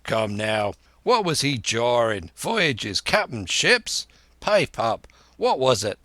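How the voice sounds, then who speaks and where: A man voicing a wily, blustering one-legged old pirate cook in a slow audiobook reading. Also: mid-range voice, sing-song, pushed and bright, dry recording, full character voice. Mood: bullying. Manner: bluff, blustering, sly sea talk.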